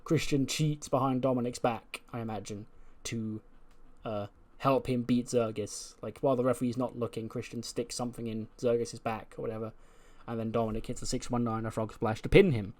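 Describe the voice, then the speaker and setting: A man's voice: mid-range voice, fairly even intonation, a little fast, darkish tone. A man giving casual, chatty commentary on a wrestling management game playthrough, loose and laughing at his own jokes.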